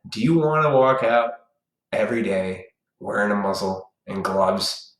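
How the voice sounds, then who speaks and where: A man's voice: lowish voice, expressive, unhurried, fairly bright tone, roomy sound, poor audio. A man hosting a live stream, delivering a blunt, profane, preachy ranting monologue.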